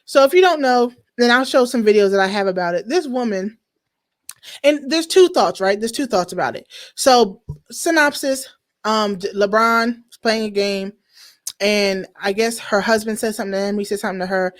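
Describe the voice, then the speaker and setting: A woman hosting a podcast, chatting casually with lively, emphatic slang. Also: mid-range voice, moderate pace. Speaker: podcast host. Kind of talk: casual chat.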